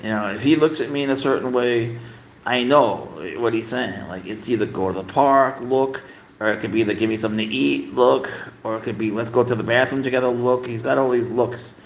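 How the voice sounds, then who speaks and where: A man's voice: mid-range voice, brisk, a little hiss or hum. A man hosting a casual livestream from his home, rambling with lots of fillers as he talks to his cat and his viewers. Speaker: livestream host, pet owner. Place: home room.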